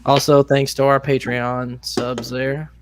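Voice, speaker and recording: A man, co-hosting a casual podcast and wrapping up the episode in a relaxed way. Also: medium pitch, takes it slowly, background noise. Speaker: podcast co-host closing the show.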